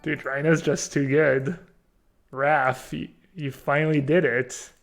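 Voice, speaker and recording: A man streaming a card game, chatting casually and thinking out loud while poking fun at himself. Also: a little high, fairly even intonation, slow pace, creaky, soft background music. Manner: chatty, self-mocking, thinks aloud. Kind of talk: casual live-stream commentary.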